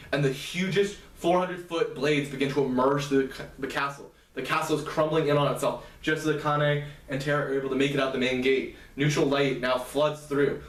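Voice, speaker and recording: A man casually retelling a novel's plot, rambling with frequent fillers and quickly voicing the characters' lines. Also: mid-range voice. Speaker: storyteller recapping a novel. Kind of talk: casual spoken plot summary. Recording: roomy echo, distant from mic.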